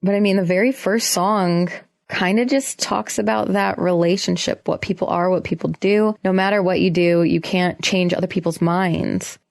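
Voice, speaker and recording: A young woman hosting a solo podcast, talking in a casual, earnest and emotional way, often restarting her sentences, in a quiet room. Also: lowish voice, steady tone, moderate pace, gravelly. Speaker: podcast host.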